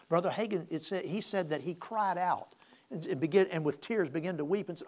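Casual: older guy preaching, raspy gravelly voice, tells a story and keeps restarting lines. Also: high voice, fairly quick. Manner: storytelling with repeated restarts, swelling in emphasis. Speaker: pastor. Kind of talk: sermon, personal story.

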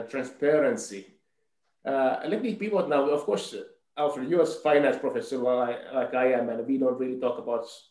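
Male moderator, lively pitch, roomy sound, playful and stammering. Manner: playful, stammering, repeats words. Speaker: finance professor and panel moderator. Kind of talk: moderating a panel discussion.

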